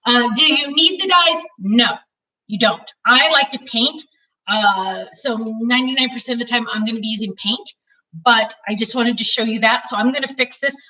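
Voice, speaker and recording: A woman in her thirties chats through a live craft stream, and she talks loudly because she has no mic. Her voice is high and bright. She is picked up from across an indoor studio. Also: moderate pace. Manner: chatty, self-deprecating, talks loudly to reach distant cameras. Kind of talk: casual live-stream chat. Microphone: no mic, cameras far away. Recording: distant, unmiked room sound.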